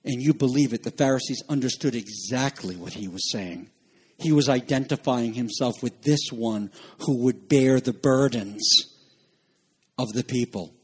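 A man preaching a sermon with passion, swinging between soaring shouts and hushed, low asides. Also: normal speed, husky. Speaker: pastor.

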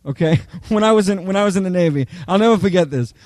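High-voiced man preaching with animated stories. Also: fast, dry recording. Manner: animated storyteller, checks in with "okay?" and "right?". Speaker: pastor. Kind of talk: sermon with personal stories.

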